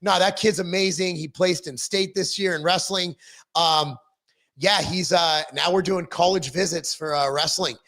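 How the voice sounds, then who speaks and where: A middle-aged man talks casually on a livestream, answering viewer comments as he goes. His voice sits high for a man. He rambles, pokes fun at himself and fills pauses with ums and false starts. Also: fairly even intonation, a bit bright. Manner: rambling, self-deprecating, frequent ums and restarts.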